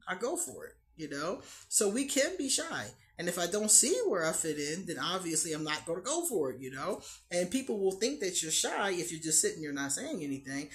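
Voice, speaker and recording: Woman host, casual talk, animated pitch, frequent laughs. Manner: laughs often, animated storytelling. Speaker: astrology channel host. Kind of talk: casual chat to camera.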